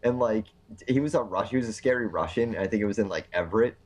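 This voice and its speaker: A man co-hosting a podcast, telling profane, animated stories with a chesty cough. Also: on the low side, quick pace. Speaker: podcast co-host. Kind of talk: casual chat.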